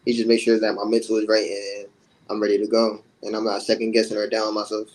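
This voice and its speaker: Young male fighter, low-key and steady, low monotone. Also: fast, a little hiss or hum, rough recording. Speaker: boxer. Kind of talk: casual interview.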